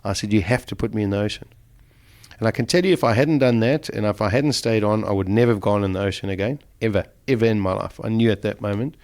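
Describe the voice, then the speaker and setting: A man's voice: fairly low pitch, quick pace, darkish tone. A middle-aged man, a guest in an interview, vividly and emotionally retelling a survival ordeal. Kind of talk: storytelling in an interview.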